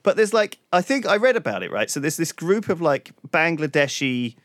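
A man from the UK, chatting casually as a podcast host, telling stories in an animated way, swearing often and leaning on "like" and "right?". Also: fairly high pitch, normal speed, no echo, clean studio sound. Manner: animated storytelling, heavy swearing, lots of "like" and "right?". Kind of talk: casual chat.

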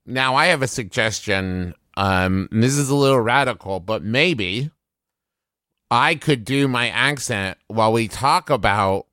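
A man's voice: mid-range voice, a little slow, pushed and bright, no echo, studio quality. A man co-hosting a comedy podcast, mischievous and hedging with lots of uhs. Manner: hesitant with many uhs, mischievous. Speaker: podcast co-host.

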